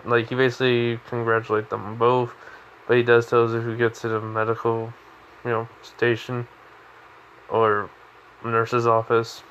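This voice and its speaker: A man's voice: medium pitch, a bit bright, muffled recording, slight background noise. A sleepy man casually retelling a fan story, rambling with lots of fillers.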